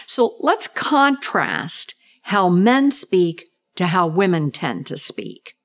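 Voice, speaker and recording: A woman's voice: lowish voice, sing-song. A woman communication expert giving an explanatory talk, using short role-play examples to show intonation. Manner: measured, deliberate delivery. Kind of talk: explanatory talk on gendered speech patterns.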